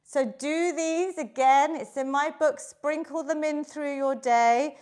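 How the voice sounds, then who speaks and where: A high-pitched woman instructor runs a live online workout class from home. She is upbeat and encouraging, calling out counts and cues as she exercises along with the group. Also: fairly even intonation, takes it slowly, darkish tone, faint music behind. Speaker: fitness instructor.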